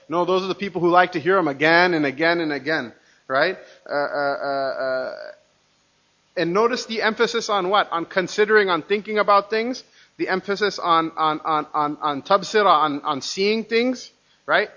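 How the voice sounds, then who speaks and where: An American man teaches a religious lecture class at a quick clip, restarting often and checking in with rhetorical "right?" questions. His voice is on the high side, pushed and bright, and the recording sounds muffled.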